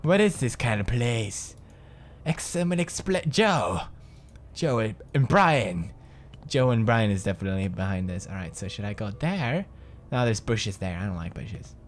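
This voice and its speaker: A young man in his twenties giving jokey, swear-filled let's play commentary on a horror game, dropping to low mutters and jumping to frightened yelps. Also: big pitch swings, moderate pace. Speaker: gaming commentator.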